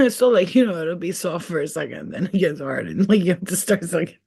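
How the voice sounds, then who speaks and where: A woman's voice: on the low side, big pitch swings, brisk, gravelly, mellow, slightly rough. A woman hosting a casual live stream from home, talking in a rambling, profane and giggly way. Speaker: channel host.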